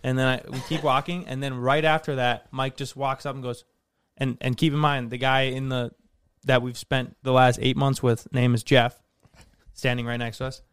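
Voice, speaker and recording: A man's voice: medium pitch, little pitch movement, moderate pace, fairly bright tone, smooth, no room sound. A man co-hosting a podcast, telling a story in a rambling, casual way full of "anyways" and "like". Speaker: podcast co-host.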